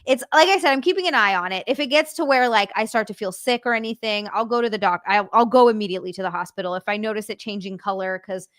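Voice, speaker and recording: A woman talks through a casual livestream, her voice bright and forceful. She rambles in halting starts and swears freely as she reads chat. The sound is dry and close, with no room around it. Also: mid-range voice, dry recording.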